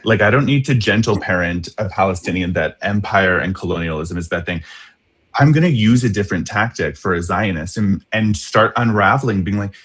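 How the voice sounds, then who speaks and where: Husky low-voiced male guest. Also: a little fast, a bit bright. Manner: earnest, conversational, many fillers. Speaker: guest, social justice educator. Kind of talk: casual podcast conversation. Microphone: video call.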